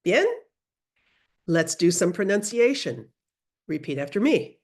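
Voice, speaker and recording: A middle-aged woman teaching a beginner Spanish class over a video call, modeling sounds slowly for students to repeat. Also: on the low side. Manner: lively, drawn-out modeling of sounds for repetition. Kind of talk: online class instruction.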